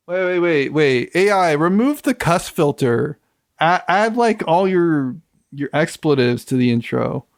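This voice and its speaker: A man's voice: fairly high pitch, animated, unhurried, no echo, studio quality. A man co-hosting a podcast in casual chat, upbeat and jokey, laughing often and using "like" fillers. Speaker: podcast co-host.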